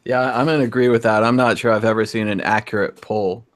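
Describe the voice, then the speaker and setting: A man co-hosting a livestream panel over a video call, talking casually with dry, relaxed humor. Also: lowish voice, fast talker. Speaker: co-host.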